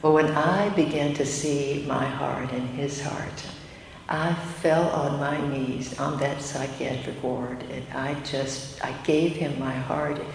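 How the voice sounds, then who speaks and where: Brief: older woman, low voice, earnest testimony, big echoey hall with faint noise. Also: fairly even intonation, takes it slowly, creaky. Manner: earnest and emotional, with self-deprecating asides. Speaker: speaker giving a testimony. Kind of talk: testimony talk to a women's gathering.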